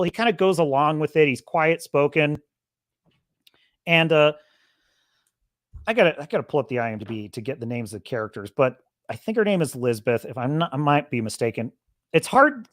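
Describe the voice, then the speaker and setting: A man's voice: on the high side, dry recording, studio quality. A man hosting his own podcast, talking in an emphatic, rambling way with many restarts. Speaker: podcast host. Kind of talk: casual opinion monologue.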